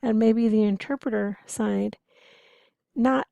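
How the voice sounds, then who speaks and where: A woman's voice: fairly high pitch, fairly even intonation, a little slow, gravelly, mellow, dry recording. A woman teaching interpreting students in a conversational, explanatory way, posing rhetorical questions as she goes. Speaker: interpreting instructor. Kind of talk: lecture to students.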